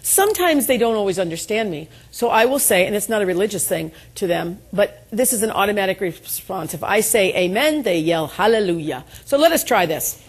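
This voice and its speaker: A middle-aged woman with a medium-pitched, expressive voice speaks briskly, hardly pausing, as she gives a motivational keynote before an audience in an event room. She tells stories with self-deprecating humor and invites responses.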